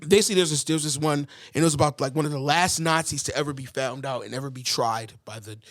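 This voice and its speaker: A man's voice: on the high side, quick pace, a bit bright, dry recording, clean studio sound. A young man co-hosting a crude comedy podcast, rambling and laughing often as he tells stories. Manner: rambling, laughs often, slips into mock voices. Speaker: podcast co-host.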